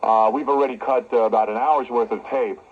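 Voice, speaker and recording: A man's voice: mid-range voice, fairly even intonation, brisk, husky. A man hosting a radio talk show, brash and joking, interviewing a guest. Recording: dull cassette recording of radio broadcast.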